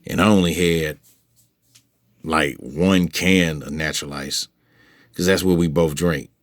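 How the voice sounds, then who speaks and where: A man's voice: rumbling low, unhurried, dry recording, clean studio sound. A man casually recounting a personal story to his viewers, with lots of profanity and frequent restarts, his voice jumping when he replays his own angry replies. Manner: profane, animated retelling with heated quoted outbursts; frequent restarts and filler phrases. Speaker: vlogger updating followers.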